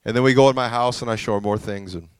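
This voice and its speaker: Smooth-voiced pastor telling a story. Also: male voice, mid-range voice, racing, no echo. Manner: animated storyteller, quoting others and himself, self-deprecating. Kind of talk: sermon storytelling.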